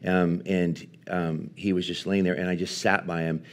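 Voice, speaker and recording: A man preaching at a live church service, telling a personal story in an earnest, halting way with many restarts. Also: sits low, flat delivery. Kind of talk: sermon storytelling.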